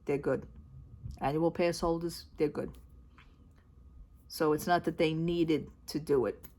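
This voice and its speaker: A woman's voice: low voice, fairly even intonation, a little slow, dark tone. A woman vlogger in a casual storytelling chat, blunt and down-to-earth, retelling a conversation line by line. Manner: chatty, retells conversations with constant "she says".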